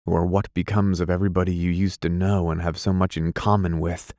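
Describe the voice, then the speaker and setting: Man doing a cool weary young wife, quiet measured delivery, low dark voice, dry sound. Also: animated, dry recording. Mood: wistful.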